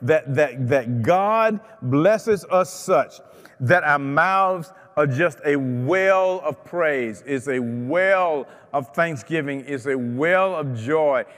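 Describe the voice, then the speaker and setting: A man preaches with a fervent, repetitive cadence, his voice sitting a little higher than most. He takes his time over each phrase. The sound carries the long ring of a church hall. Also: animated, takes it slowly, a bit bright. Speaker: pastor. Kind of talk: sermon. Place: church sanctuary.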